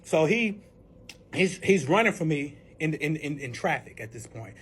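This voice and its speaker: A man telling a wild personal story in a casual, profane and animated way. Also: on the high side, normal speed, breathy edge. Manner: profane, animated, emphatic retelling.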